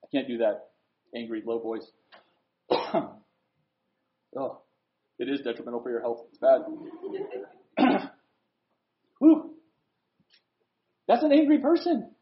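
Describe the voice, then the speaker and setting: A man preaching a sermon, animated, swinging from loud emphatic lines to hushed asides. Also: medium pitch, takes it slowly, pauses often. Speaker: pastor. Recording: echoey room, dull lo-fi sound.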